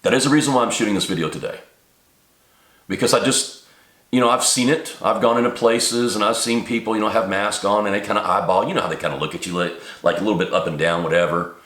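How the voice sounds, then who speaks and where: A man's voice: fairly low pitch, quick pace, a bit bright. A middle-aged man ranting to camera in an agitated monologue, his voice climbing sharply when he gets worked up. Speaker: video maker. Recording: echoey room.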